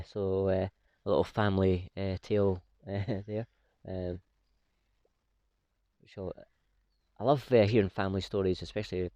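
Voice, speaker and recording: List: middle-aged man, very deep voice, relaxed storytelling, lots of fillers, outdoors in the woods. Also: dry recording, lo-fi sound. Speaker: pipe-smoking vlog host. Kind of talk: casual storytelling. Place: woodland, outdoors.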